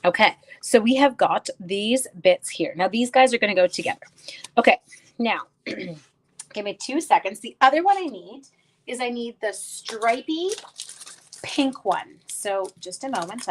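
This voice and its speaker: A woman's voice: on the high side, lively intonation, measured pace. Chatty woman teaching a craft class live. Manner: chatty, greets viewers by name, self-deprecating asides; rambling storyteller mid-task. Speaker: card-making instructor. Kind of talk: casual live-stream craft tutorial.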